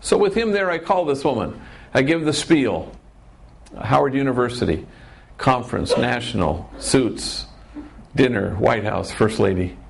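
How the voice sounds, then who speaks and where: A man's voice: medium pitch, expressive, a little slow, creaky, slight background noise. A middle-aged man, a priest, telling a story to an audience with wry, anecdotal delivery and punchy lists. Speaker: priest and speaker. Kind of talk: storytelling talk.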